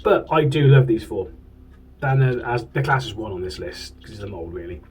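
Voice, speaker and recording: A man's voice: lowish voice, moderate pace, darkish tone, distant mic, a little hiss or hum, rough recording. A man from the UK, chatting casually and enthusiastically as a toy collector and swearing now and then. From United Kingdom. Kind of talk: casual chat. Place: home room.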